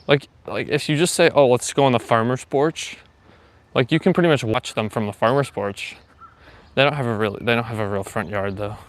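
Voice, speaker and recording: A man's voice: medium pitch, brisk. A young man, hosting a live walking stream and chatting casually with viewers in a rambling, filler-heavy way. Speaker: livestream host. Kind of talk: casual live chat while walking, reading viewer comments. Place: outdoors on a walk.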